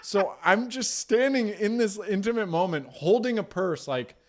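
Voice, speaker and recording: A man's voice: high-pitched, expressive, moderate pace. A young man co-hosting a podcast, telling a rambling, self-deprecating story in casual talk with the odd swear word.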